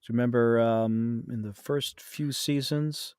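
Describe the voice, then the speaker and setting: A man talking casually as a podcast guest about narrating audiobooks, chatty and lively with quick bursts. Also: medium pitch, clean tone, dry recording, clean studio sound. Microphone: podcast studio mic.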